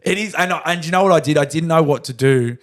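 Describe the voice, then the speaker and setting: A man's voice: a little high, fast. Swearing Australian man telling a rant. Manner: heated, swears constantly, animated storytelling. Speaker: podcast co-host. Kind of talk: casual profane chat.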